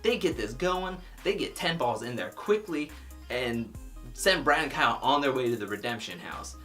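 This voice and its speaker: Animated, opinionated TV recap vlogger. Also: medium pitch, normal speed, soft background music. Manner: animated and opinionated, lots of "like" fillers. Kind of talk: casual episode recap commentary.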